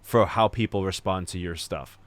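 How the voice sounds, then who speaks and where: A man's voice: low voice, moderate pace, fairly bright tone, no echo. A man hosting a podcast, talking in an earnest, reflective way and repeating words for emphasis. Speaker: podcast host. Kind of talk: casual podcast conversation.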